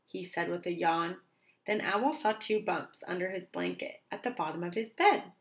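A woman teacher reading a children's book aloud, slowly and clearly for young children. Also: fairly low pitch.

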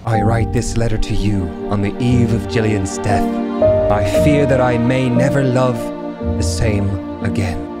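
A man's voice: lowish voice, unhurried, loud music behind the voice, natural voice. A man playing a grieving letter writer in mock old-fashioned, overwrought speech. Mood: mock mourning. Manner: solemn, archaic, overwrought.

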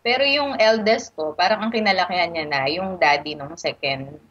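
A woman's voice: on the low side, a little fast, lo-fi sound, crowd noise. A Filipino woman in her thirties, calling in to ask for advice and switching between Tagalog and English as she explains her situation. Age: 30s. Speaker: caller. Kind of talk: casual call-in chat.

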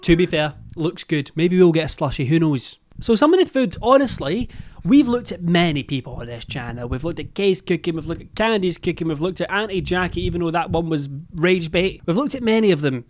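A man's voice: on the high side, expressive, brisk, hardly any pauses, a little hiss or hum. A Scottish man giving casual reaction commentary, incredulous and joking and swearing freely. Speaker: YouTube commentator.

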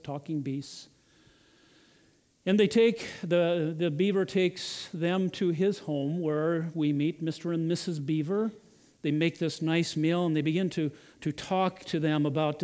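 A male pastor retells a children's story as part of a sermon. His voice sits a little high for a man, and he often repeats and restarts words as he goes. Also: a little mellow.

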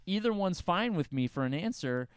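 A man's voice: high voice, expressive, normal speed, clear, resonant tone, dry recording, studio quality. A man co-hosting a casual podcast, upbeat and jokey, quizzing his co-host. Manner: upbeat, jokey, asks questions.

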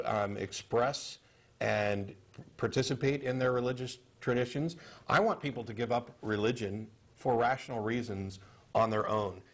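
A man co-hosting a studio panel discussion on a cable TV show, speaking in a measured, halting way with many fillers and restarts. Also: medium pitch. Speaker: TV show co-host.

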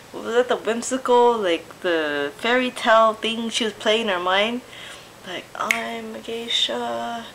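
A woman's voice: mid-range voice, fairly bright tone, slight background noise, poor audio. A woman vlogger giving casual reaction commentary, blunt and swearing freely as she talks back at the screen. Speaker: vlogger reacting to a music video.

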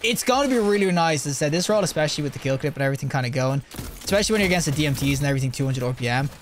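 A young man hosting a gaming video, giving live gameplay commentary and reacting excitably as he plays. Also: fairly high pitch, very fast, a little hiss or hum. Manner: excitable, yelps and laughs mid-play.

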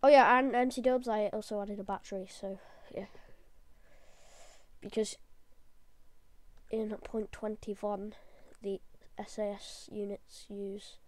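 A woman giving chatty, jokey let's play commentary, easily excited. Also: mid-range voice, slow pace, long pauses, no room sound. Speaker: gamer.

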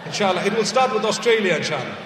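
A high-pitched man delivers a sermon from some distance away in a large, echoey hall, with faint ambience behind him. He tells his story in a lively storytelling way, sinking his voice low for asides. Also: fast, noisy background. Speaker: preacher. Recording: echoey hall recorded from far off.

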